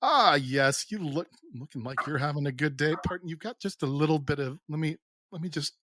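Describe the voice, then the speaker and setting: A man voicing a dapper, charming male entertainer in a tabletop game, speaking smoothly and gallantly. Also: a little high, brisk, sharp tone, no room sound.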